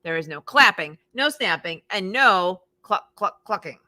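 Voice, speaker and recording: A strict, earnest farmer lays down the rules in a firm, hushed voice, as a woman reads him aloud. His delivery swings widely in pitch and stays slow and deliberate. It sounds dry and close. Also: expressive, dry recording, heavily acted. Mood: stern.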